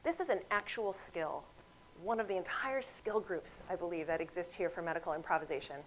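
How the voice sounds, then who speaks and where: A woman's voice: on the low side, fairly quick, slight background noise, poor audio. A woman physician giving a grand rounds lecture, telling clinic stories and speaking straight to her audience. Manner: lively storytelling, acts out quoted voices; addresses audience directly.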